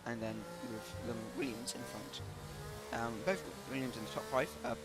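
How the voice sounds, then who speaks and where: A man giving live commentary on an online racing league stream, with many ums and quick self-corrections. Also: medium pitch, animated, over loud music.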